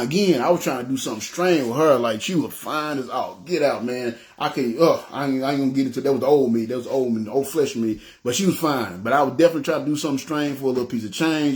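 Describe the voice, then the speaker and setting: Fast-talking man telling his story. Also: medium pitch. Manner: animated, acts out the voices of people in his story. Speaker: person giving a testimony. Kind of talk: casual storytelling testimony. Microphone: phone.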